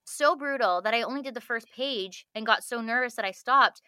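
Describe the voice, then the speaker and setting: A woman with a bright, clear voice and a fairly high pitch tells her stories with lots of energy. She laughs often and acts out what people said to her. The sound is close and dry, with no room around it. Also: fairly quick, dry recording. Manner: animated storyteller, laughs often, acts out quotes. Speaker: actress, podcast guest. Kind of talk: casual interview chat.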